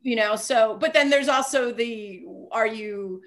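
A woman's voice: a little high, unhurried, a bit bright. A woman author talking casually as a podcast guest, chatty and self-deprecating, with frequent fillers and restarts.

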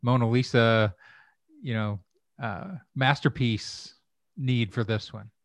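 A man talking through ideas in a loose, rambling way, with frequent restarts. His voice sits at an ordinary pitch. The recording is dry and close, with no room sound. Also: slow pace, no room sound. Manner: rambling, repeats words, thinks aloud. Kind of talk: conversational interview.

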